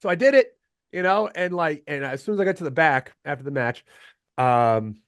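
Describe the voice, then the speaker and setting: Man, casual interview guest, animated storyteller, acts out quotes, laughs often, dry close mic. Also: a little high, normal speed, no echo. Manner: laughs often while telling stories. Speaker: podcast guest, wrestler.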